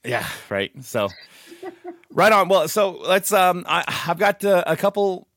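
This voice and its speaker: A man hosting a podcast, upbeat and joking, firing off quick questions. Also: sits high, big pitch swings, fairly bright tone, dry recording, clean studio sound. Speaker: podcast host. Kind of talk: casual interview chat.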